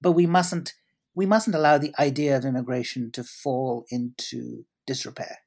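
A man's voice: medium pitch, fairly even intonation, normal speed, creaky, darkish tone. A man answering interview questions at length, articulate and elaborate, often restarting his sentences. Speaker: guest commentator.

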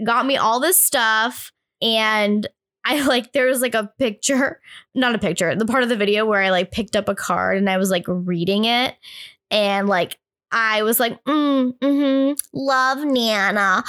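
A woman's voice: medium pitch, normal speed, fairly bright tone. A young woman co-hosting a podcast, telling a childhood story in casual chat and acting out her family's voices as she goes. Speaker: podcast co-host.

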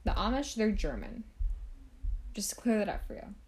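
A woman's voice: medium pitch, expressive, moderate pace, a little mellow. A woman hosting a podcast, telling a history story in a chatty, casual way with asides to the listener. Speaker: podcast host.

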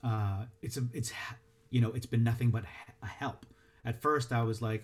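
Halting, reflective male voice actor. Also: mid-range voice, steady tone, darkish tone. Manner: halting, reflective, many restarts. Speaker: voice actor and dialect coach. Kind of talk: interview answers.

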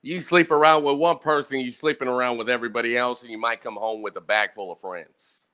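A man's voice: mid-range voice, steady tone, fast, bright, forceful tone. A man in his thirties hosting a casual podcast chat, ranting and swearing while talking straight to the audience. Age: 30s. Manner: profane, ranting, talks to the audience. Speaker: podcast host. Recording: dull lo-fi audio.

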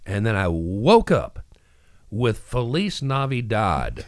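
A man hosting a morning radio show, telling stories in an animated way and acting out the voices in them. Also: mid-range voice, no room sound, clean studio sound. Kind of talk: casual radio chat and storytelling.

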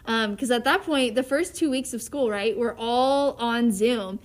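A woman with a high, bright voice talks like a teacher recording a podcast for her students. She tells classroom stories in an animated, giggly way, as if she can barely hold back her laughter. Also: measured pace. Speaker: middle school teacher. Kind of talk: casual podcast chat with students.

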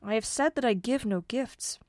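A woman voicing Good Luck, a wise and patient male godfather spirit, speaking in calm, measured counsel during a storybook reading. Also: on the high side, dry recording, clean studio sound, pitched above the performer's own voice, natural voice.

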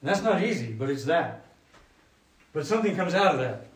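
A man giving a sermon to a congregation, unhurried and conversational, thinking aloud with restarts while drawing on a board. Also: a little high, big pitch swings. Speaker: preacher.

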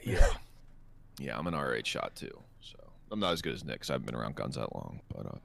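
Deep-voiced man telling profane stories. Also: big pitch swings, quick pace, creaky, fairly bright tone, a little hiss or hum. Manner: profane, laid-back storyteller. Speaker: podcast co-host. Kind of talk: casual storytelling chat.

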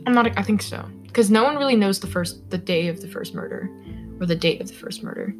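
A woman's voice: medium pitch, animated, quick pace. A young woman hosts a laid-back true-crime podcast, chatting through the story with constant fillers. She trips over names as she goes. Faint music sits under her voice. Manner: rambling, filler-heavy, stumbles over names. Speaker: podcast host. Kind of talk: casual true-crime chat.

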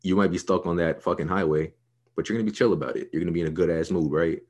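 Very deep-voiced, brash New man. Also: quick pace, a little mellow. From New York. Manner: profane, hyped, swaggering. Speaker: podcast co-host. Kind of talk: casual podcast banter.

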